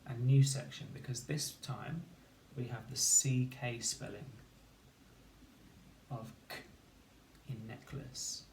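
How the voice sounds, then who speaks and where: A man teaching a phonics lesson to children, slowly and clearly sounding out each word syllable by syllable. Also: mid-range voice, a little mellow, slight background noise. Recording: roomy echo, distant mic, faint ambience.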